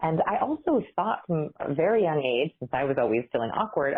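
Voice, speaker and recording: A woman researcher explaining communication cues as an interview guest, animated and upbeat. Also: deep voice, brisk, hardly any pauses, husky. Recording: tinny phone-like line.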